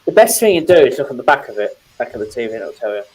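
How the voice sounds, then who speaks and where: A British man chatting casually as a guest on a livestream, talking in halting bursts. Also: mid-range voice, big pitch swings, a crowd in the background, rough recording. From Britain. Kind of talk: casual chat.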